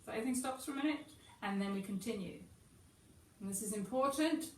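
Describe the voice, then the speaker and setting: Female yoga teacher, calm and chatty, encouraging; distant mic in an echoey room. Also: on the high side, quick pace. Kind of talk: guided yoga class.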